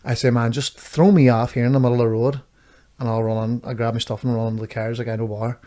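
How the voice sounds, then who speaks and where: A man's voice: medium pitch, level tone, fast, warm tone. A man with a Northern Irish accent, co-hosting a podcast and telling rambling, sweary anecdotes in casual chat. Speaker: podcast co-host.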